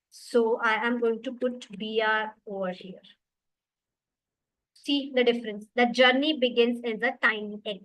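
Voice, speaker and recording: Bright high-voiced woman teaching online. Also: poor audio. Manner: explanatory, repeats points, addresses students. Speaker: web development teacher. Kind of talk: online class lecture.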